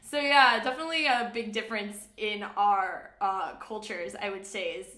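A young American woman hosting a podcast, chatting casually and teasing her guest with quick banter. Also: medium pitch, pushed and bright, roomy sound. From United States. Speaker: podcast host. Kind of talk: casual chat.

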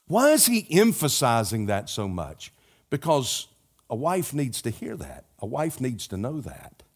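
A man's voice: mid-range voice, huge pitch swings, a little slow, slightly rough. Older man preaching with earnest repetition. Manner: earnest, repetitive preaching cadence with folksy asides. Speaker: pastor. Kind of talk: sermon.

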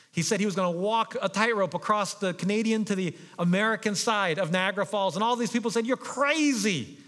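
A man preaches from the pulpit, acting out a story, his voice rising into excited crowd calls and dropping low and quiet. His voice sits high for a man. A long reverb trails each phrase, as in a large sanctuary. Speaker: pastor. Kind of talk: sermon.

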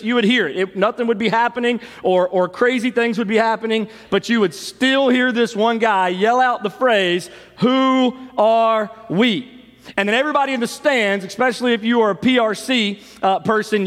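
Pastor guy, kinda high voice, lively storytelling sermon, big echoey church. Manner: storytelling, animated, fond of shouting the cheer. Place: large church sanctuary. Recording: long hall reverb.

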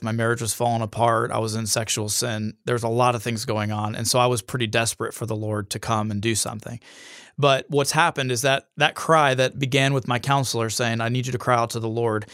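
Man, interview guest, reflective, steady, dry sound. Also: medium pitch, clean tone, no room sound. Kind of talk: personal testimony in an interview.

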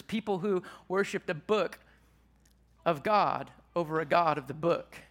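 A man's voice: sits high, gravelly, fairly bright tone. A man preaching a sermon to a live audience in a conversational way, asking them questions as he teaches. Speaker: pastor.

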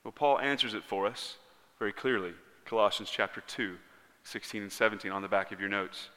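A man preaching in a church sanctuary, his bright, forceful voice carrying a long reverb through the large hall. He preaches earnestly, rising to loud emphasis and then dropping to near-quiet lines. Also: lowish voice, a little fast. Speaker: pastor. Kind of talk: sermon.

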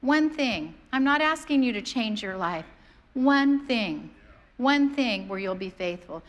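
Lively woman preaching. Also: fairly high pitch, unhurried, dull audio. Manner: animated, conversational, acts out quoted voices. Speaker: pastor. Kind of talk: sermon with storytelling.

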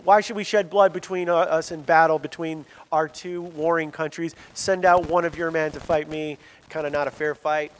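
A man's voice: fairly high pitch, steady tone, moderate pace, hardly any pauses, natural voice. A man preaching who voices a boastful giant warrior issuing a taunting challenge, with long hall reverb.

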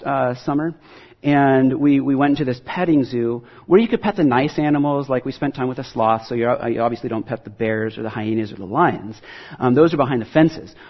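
A man preaching to a church in a relaxed, chatty way, telling stories between verses. His voice is husky, and the recording sounds dull and lo-fi. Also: a little high. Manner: conversational, storytelling preacher with fillers. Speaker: pastor. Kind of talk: sermon.

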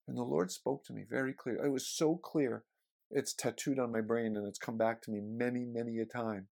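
Pastor guy, middle-aged, gravelly voice, telling stories in a sermon. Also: mid-range voice, fairly quick, darkish tone. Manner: storytelling, conversational preaching.

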